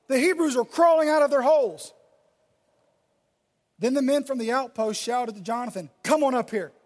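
Man, pastor, sermon, high voice, reverberant hall, loud-soft swings. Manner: preaching with sudden loud and soft swings, reading scripture aloud. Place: church sanctuary. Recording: long reverb of a large hall.

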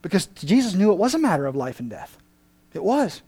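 A man's voice: sits high, big pitch swings, a little fast, breathy edge, no echo. Passionate preacher man, dry sound. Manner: passionate, shifting from emphatic to quiet. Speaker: pastor. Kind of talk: sermon.

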